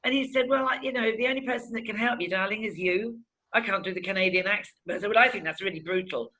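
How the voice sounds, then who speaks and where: Middle-aged woman, bright forceful voice, frank emotional testimony, mimics people she quotes. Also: mid-range voice, quick pace, a little hiss or hum, low-quality recording. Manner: candid and animated, acts out past conversations. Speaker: interviewee giving a testimonial.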